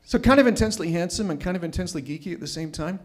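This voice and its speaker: A man's voice: sits high, lively intonation, racing. A man telling a personal story at a live storytelling night, wry and self-mocking.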